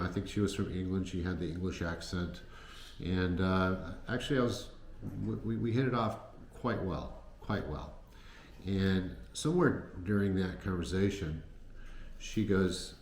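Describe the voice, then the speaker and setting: A man with a deep voice tells his travel stories casually, full of restarts and fillers. He sounds like he is in an echoey room, with a faint hiss behind him. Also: darkish tone. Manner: rambling, many fillers and restarts. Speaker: travel vlogger. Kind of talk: casual storytelling to camera.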